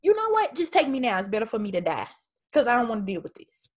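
A woman playing a sulking male prophet who has had enough, his voice pitched up and strained with whiny indignation. He complains in a raised, exasperated tone, as a Bible teacher acts him out in a study video. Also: sing-song, fast talker, a little mellow.

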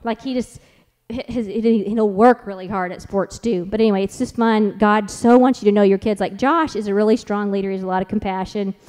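A woman's voice: mid-range voice, steady tone, brisk, few pauses, a little mellow, in a large hall. A mother speaking at a church family conference who tells anecdotes about her kids in a chatty, rambling way, with many "like"s and restarts. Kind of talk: conference talk with storytelling.

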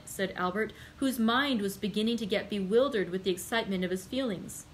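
A woman's voice: mid-range voice, a little fast, a little hiss or hum, rough recording. Woman reading a classic novel aloud.

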